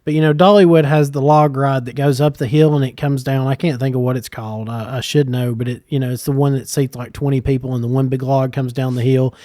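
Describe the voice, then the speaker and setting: A man's voice: medium pitch, little pitch movement, fast talker, hardly any pauses, mellow, dry recording, studio quality. A middle-aged man, co-hosting a podcast in casual chat and telling teasing stories. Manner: joking, teasing storyteller. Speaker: podcast co-host. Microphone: podcast microphone.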